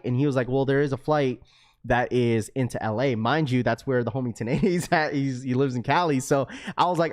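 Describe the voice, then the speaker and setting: Animated man telling a story on a livestream. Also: mid-range voice, fairly quick. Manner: animated, laughs a lot, swears, says bro constantly. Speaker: livestream host. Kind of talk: casual storytelling to live chat.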